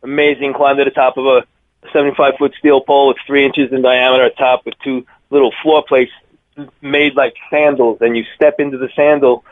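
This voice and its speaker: A man's voice: mid-range voice, fairly quick, dry recording. Long Island man on a tinny phone line. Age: 50s. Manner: rambling, fillers, energetic storyteller. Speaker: radio guest, circus daredevil. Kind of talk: phone-in interview storytelling.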